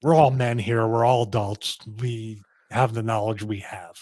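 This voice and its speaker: A man's voice: on the low side, steady tone, unhurried, a little mellow, no echo, clean studio sound. A man speaking as a guest on a casual podcast interview, rambling and restarting as he thinks aloud. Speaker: guest, former pro wrestler.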